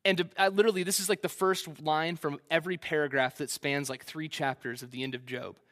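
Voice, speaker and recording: A man preaching a conversational sermon, retelling scripture in a relaxed, slangy way with playful asides. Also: on the high side, brisk.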